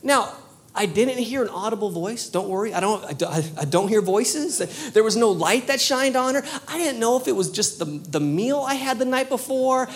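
Woman, high voice, preaching a sermon, animated storytelling, repeats words. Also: moderate pace. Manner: animated storytelling, laughing at herself; repeats words and restarts often.

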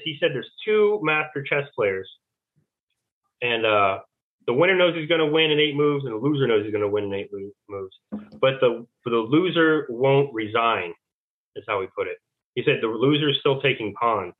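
A man rambles as a phone-in guest, his voice squeezed thin through a tinny phone line. He talks at an ordinary pitch, stacking fillers and retelling old conversations. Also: animated, moderate pace. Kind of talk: rambling phone interview storytelling.

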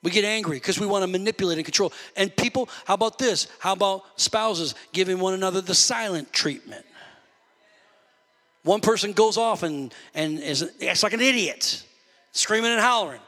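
High, bright-voiced preaching pastor. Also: male voice, normal speed, in a large hall. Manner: animated, conversational preaching with church call-outs. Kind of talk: sermon. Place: church.

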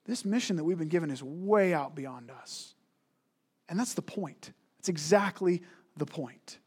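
A man's voice: a little high, lively intonation, a little slow, a little mellow, husky. A man preaching a sermon as a pastor, emphatic, with rhetorical questions and repeated words.

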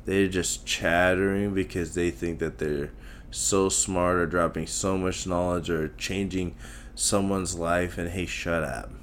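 A man's voice: low-pitched, fairly even intonation, a little slow, slight background noise. A man from Tamil Nadu, India, hosting a solo podcast, ranting bluntly with lots of swearing and self-mockery. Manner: self-mocking, emphatic repetition. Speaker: podcast host.

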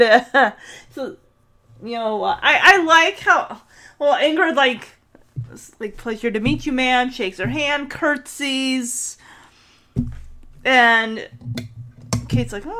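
High-voiced woman gabbing about a tv episode, giggly, pitch all over the place, unhurried. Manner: chatty, giggly, animated retelling with quoted voices. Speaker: podcast host recapping a TV episode. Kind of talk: casual chat.

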